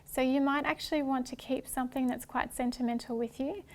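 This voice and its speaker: A woman presenting a workshop talk in a gentle, hesitant way, with many ums and restarts. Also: sits high, fairly even intonation, a little fast. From Australia.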